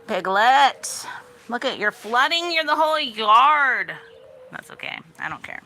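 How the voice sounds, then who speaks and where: Her voice is a little high and sing-song, pushed and bright, at a normal speed. This young woman vlogs a rambling backyard tour full of "like" and "you know," stopping now and then to chat with her animals outdoors.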